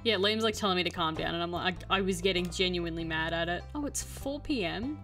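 A woman's voice: on the low side, fast, fairly bright tone, faint music behind. Chatty young woman streamer. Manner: chatty, exasperated storytelling with swearing. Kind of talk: casual gameplay chat.

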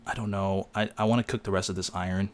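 A man chatting casually while playing a game with a friend, excitable and quick to yelp when startled. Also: a little hiss or hum. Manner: excitable, jumps high in pitch when startled. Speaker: gamer. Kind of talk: casual gaming commentary.

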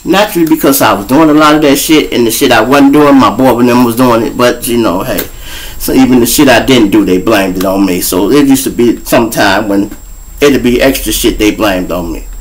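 A Chicago man hosting his show tells a story in a casual, profane way, speaking straight to his audience and calling them "y'all." His medium-pitched voice is fairly quick, and the recording quality is low.

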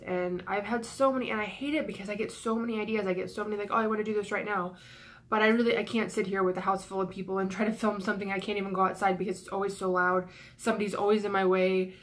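A young woman venting in a vlog, flustered and breathless, rushing her words with sighs and swearing, stressed and near tears with her voice cracking. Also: medium pitch, steady tone. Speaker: YouTuber. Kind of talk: emotional vlog rant.

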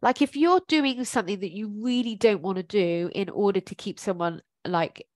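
Woman, life coach, casual encouraging advice, frequent ums, mid pitch, dry close sound. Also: normal speed, dry recording. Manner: chatty and encouraging, thinks aloud with many ums. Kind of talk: informal coaching talk.

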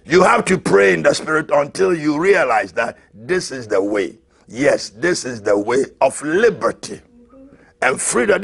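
High voiced preacher guy going off, gravelly, shouting and repeating himself. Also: sing-song, a little slow. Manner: shouting, repeating himself, laughing between lines. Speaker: apostle preaching. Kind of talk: fiery sermon.

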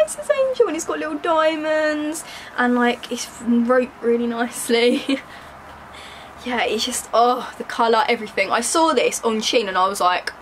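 A woman's voice: a little high, a little hiss or hum, rough recording. A young woman chatting casually in a bubbly, giggly way while trying on clothes at home for her vlog. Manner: bubbly and giggly, joking with viewers. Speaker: fashion vlogger. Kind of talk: casual try-on haul chat.

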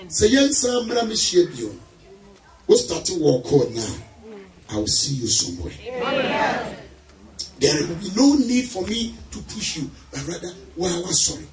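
Ghanaian man preaching, high lively voice. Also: unhurried. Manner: emphatic, calls for amens, shouts. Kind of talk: sermon mixing English and Twi. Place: church hall with congregation. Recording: roomy, far from mic, music and crowd. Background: music and congregation.

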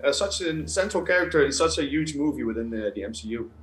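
A man with a Dutch accent, a native Dutch speaker, asking interview questions as a reporter in a hesitant, halting way. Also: a little high, lively intonation, a bit bright, soft background music. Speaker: entertainment reporter. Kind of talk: press junket interview. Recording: echoey room.

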